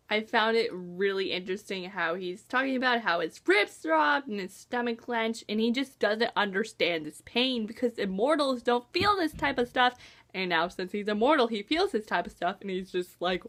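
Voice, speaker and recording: A woman's voice: mid-range voice, expressive, moderate pace, fairly bright tone. A woman vlogger casually discussing a book with playful sarcasm.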